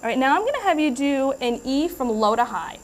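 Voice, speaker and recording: A woman clinician giving a patient gentle, reassuring step-by-step instructions during an exam. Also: high-pitched, big pitch swings, fairly quick, slight background noise. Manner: gentle, reassuring, brief prompts. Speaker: clinician performing endoscopy.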